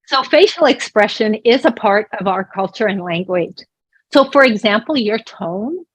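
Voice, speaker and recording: A woman's voice: a little high, husky, no room sound, rough recording. A woman working as a voice interpreter, speaking a sign-language lesson aloud in an explanatory, conversational way with small restarts. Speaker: voice interpreter for a deaf presenter.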